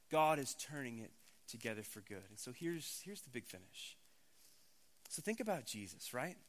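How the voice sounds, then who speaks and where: A man's voice: mid-range voice, very animated, normal speed. A man in his thirties, a pastor giving a conversational, emphatic sermon.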